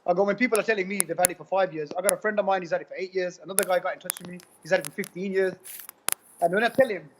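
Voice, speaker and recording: A man giving an animated testimonial, retelling conversations in a rapid, repetitive way. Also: high voice, a little hiss or hum. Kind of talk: animated personal storytelling. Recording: dull lo-fi recording.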